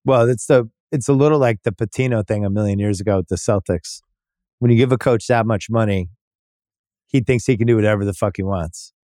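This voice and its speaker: A man's voice: fairly low pitch, brisk, mellow, no room sound, clean studio sound. Man talking sports trades off the cuff. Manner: thinks aloud, restarts, swears casually. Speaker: podcast host. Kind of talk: casual sports chat.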